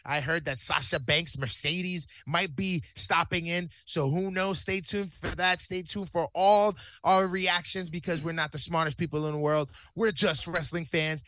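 Bright-voiced male podcast co-host. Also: on the high side, dry recording. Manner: casual, swearing banter. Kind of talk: casual chat.

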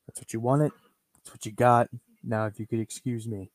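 A man's voice: mid-range voice, fairly even intonation, moderate pace, dry recording, natural voice. A man doing a curt, stern wrestling boss. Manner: curt and authoritative.

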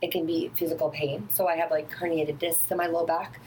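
A woman yoga and Pilates instructor chatting casually in an animated, rambling way, laughing often. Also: sits low, fairly quick, slight background noise, rough recording. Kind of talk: casual chat.

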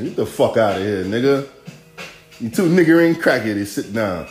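Profane, rambling male podcast host. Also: medium pitch. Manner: profane, rambling, rhythmic street talk. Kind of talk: casual podcast rant. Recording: echoey room, faint music.

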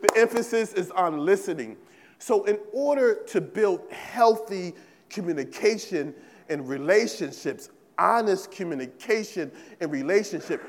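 The sermon carries a long reverb tail through the church sanctuary, delivered by a male pastor with a high-pitched voice. He preaches emphatically, repeats phrases, and frequently asks the congregation "right?"

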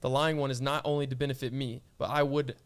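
A man co-hosting a podcast, chatting casually and telling animated stories. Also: medium pitch, fast talker, clean tone. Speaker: podcast co-host. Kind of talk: casual chat.

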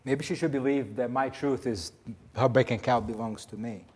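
A man preaching a sermon, emphatic, swinging between loud declarations and hushed asides. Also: mid-range voice, fairly even intonation, moderate pace, husky. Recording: long hall reverb.

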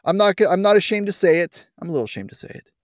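A man's voice: lively intonation, racing, no room sound, clean studio sound. A man hosting a political talk radio show, mocking the news with wry, sarcastic asides. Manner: sarcastic, wry asides, big pitch swings. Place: radio studio.

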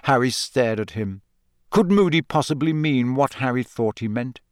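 Man calmly reading a novel aloud. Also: medium pitch, normal speed, clean tone, dry recording, studio quality. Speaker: audiobook reader. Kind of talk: scripted narration.

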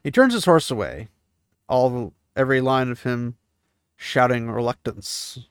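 A man's voice: medium pitch, lively intonation, measured pace, smooth, no room sound, clean studio sound. A man giving a casual chapter recap, paraphrasing the story and breaking in with offhand asides. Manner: paraphrases the text, mixing reading with offhand asides. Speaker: book series recap host.

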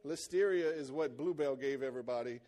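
A man preaching a sermon in church, animated and calling out to the congregation for responses. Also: medium pitch, fairly quick. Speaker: pastor.

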